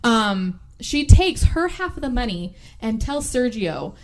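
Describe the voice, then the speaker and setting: Woman podcast host, fairly high voice, lively casual recap, acts out lines, swears a lot. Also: a little slow. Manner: animated storytelling, acts out characters' lines, swears freely. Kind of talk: casual chat recapping a movie.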